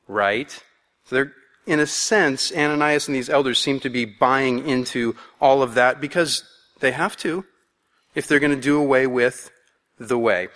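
A man's voice: medium pitch, measured pace, fairly bright tone. A man preaching a sermon in a conversational, playful way, acting out voices as he goes. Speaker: pastor. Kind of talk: expository sermon. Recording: long hall reverb.

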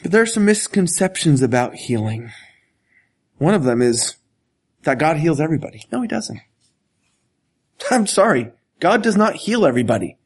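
A man preaching a sermon as a pastor, earnest and deliberate, with dramatic pauses and sudden drops to a whisper. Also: on the high side, very animated, slightly rough.

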